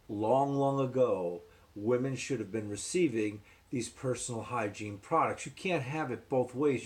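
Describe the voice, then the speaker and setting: An older man from New Jersey offers earnest commentary as the host of a ministry show. His speech is casual and full of fillers, and he repeats key points to drive them home. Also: medium pitch.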